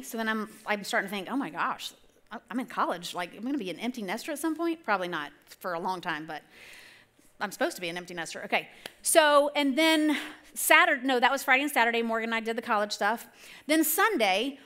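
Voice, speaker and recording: A woman in her forties telling an animated, rambling personal story in a sermon, often correcting herself. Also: a little high. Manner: animated, rambling, self-correcting, acts out quotes. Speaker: church speaker.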